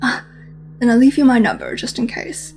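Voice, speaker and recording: A woman voicing a weary, suspicious male police officer with a Russian accent, asking slow, probing questions. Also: a little high, big pitch swings, vocal fry, darkish tone, soft background music.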